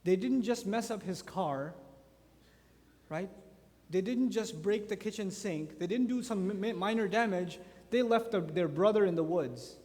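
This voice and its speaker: A man in his thirties giving an animated sermon at a youth conference, full of rhetorical questions. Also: sits high, measured pace. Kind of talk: lecture sermon. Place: large conference hall. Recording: hall reverb from a conference hall.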